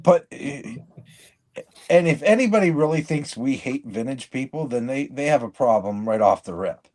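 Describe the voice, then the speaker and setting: A man's voice: medium pitch, animated, normal speed, a little mellow. A man co-hosting a podcast in casual chat, rambling and blunt, often breaking off and restarting his sentences. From living in Michigan. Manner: rambling, blunt, self-interrupting. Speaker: podcast co-host.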